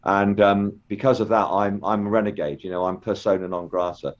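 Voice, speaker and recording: A man's voice: fairly low pitch, steady tone, brisk. An older man telling stories in a casual interview, rambling with many ums and restarts. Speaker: interview guest, former children's TV actor. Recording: dull lo-fi call audio.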